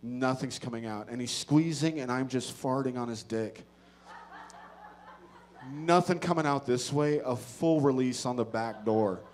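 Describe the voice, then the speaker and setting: A man doing stand-up, telling a story with profane, animated delivery that swings between loud outbursts and low muttered asides. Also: unhurried. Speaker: stand-up comedian. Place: comedy stage before a live audience.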